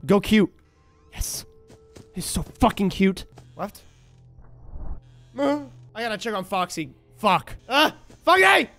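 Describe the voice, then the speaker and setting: Man, game streamer, casual chat, profane, sudden shouts, bouncy intonation. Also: sits high, animated, takes it slowly, pauses often, soft background music. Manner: mimics other people in anecdotes.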